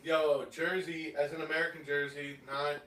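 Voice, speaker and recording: A man's voice: fairly high pitch, flat delivery, moderate pace, a bit bright, rough recording. A man co-hosting a live podcast, cracking jokes and reading the chat aloud. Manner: wisecracking, reads chat aloud. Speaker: podcast co-host.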